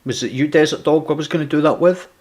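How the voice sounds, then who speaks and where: Quick-paced, with a fairly high and slightly mellow voice, this man streams a game and greets viewers by name. His casual talk goes into a home desk USB mic and is full of restarts.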